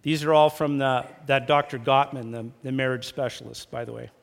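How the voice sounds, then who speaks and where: A man preaching a sermon as pastor, talking lively and acting out quarrels in raised voices. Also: medium pitch, a little fast, gravelly. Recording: long church hall reverb.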